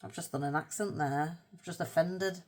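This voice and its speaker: A woman hosting a casual colour-with-me art video. She chats in a rambling, self-mocking way and murmurs softly to herself as she paints. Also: low voice, normal speed. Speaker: art channel host.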